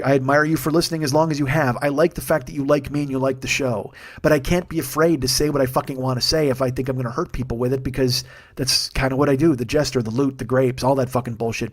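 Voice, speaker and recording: A man in his forties hosting a solo comedy podcast, ranting in a heated, profane way and rambling through plugs with lots of fillers. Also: mid-range voice. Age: 40s. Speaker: podcast host.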